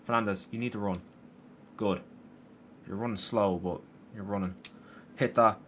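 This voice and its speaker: A man's voice: on the low side, fairly even intonation, moderate pace, fairly bright tone, a little hiss or hum. A young man commentating his football game from his room, swearing and venting frustration at the players and the game. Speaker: gaming YouTuber. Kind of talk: gameplay commentary.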